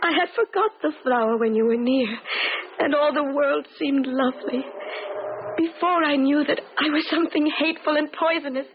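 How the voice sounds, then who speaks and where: A woman's voice: high voice, normal speed, a little hiss or hum. An actress playing a lonely, innocent young woman in a 1970s radio drama, pleading and emotional. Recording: tinny, phone-like old radio broadcast.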